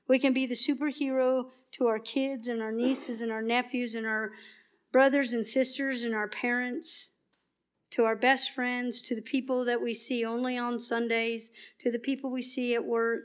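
A woman giving a passionate, emphatic sermon at church that often turns soft and earnest. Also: a little high, little pitch movement, moderate pace, clean tone. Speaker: church speaker.

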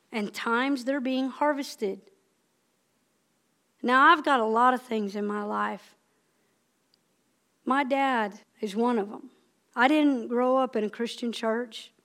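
A woman in her fifties delivers a sermon in a church, talking to the congregation like friends. Her voice sits a little high, and she builds her points with rising, emphatic repetitions. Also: fairly bright tone. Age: 50s. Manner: personal, conversational preaching with rising emphatic repetitions. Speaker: lay preacher. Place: church sanctuary.

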